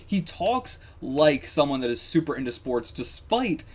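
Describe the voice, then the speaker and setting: A man's voice: a little high, very animated, a little slow, husky. A man co-hosting a reaction show, chatting casually and jokingly, with lots of fillers and restarts. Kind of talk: casual chat.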